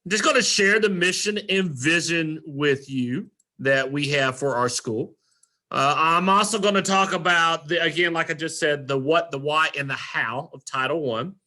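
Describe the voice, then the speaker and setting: School principal, man, earnest and self-correcting, brightish, slightly high voice. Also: normal speed. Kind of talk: recorded presentation to parents.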